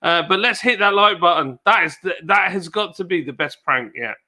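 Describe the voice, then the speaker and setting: A man with a British accent chatting excitedly on a live stream, exclaiming and laughing often. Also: high voice, normal speed. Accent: British English. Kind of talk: casual live stream chat.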